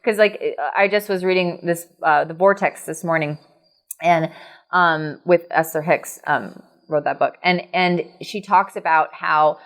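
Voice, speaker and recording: Woman, podcast host, lowish voice, chatty, animated, casual conversation. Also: measured pace. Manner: animated and chatty, laughs often, many restarts. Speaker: podcast host and business coach.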